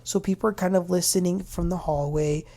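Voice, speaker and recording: A woman's voice: fairly low pitch, steady tone, mellow. Chatty, opinionated woman recapping TV. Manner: chatty and opinionated, retelling scenes quickly. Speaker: reality TV recap host. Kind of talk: casual episode recap commentary.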